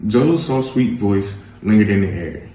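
A man reading a children's picture book aloud in a gentle, measured storytelling manner. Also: fairly low pitch, very animated, echoey room, low-quality recording. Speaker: reader.

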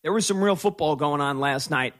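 A man hosts a call-in sports talk radio show, stretching out key words as he delivers strong opinions. His voice sits fairly high and sounds a bit bright.

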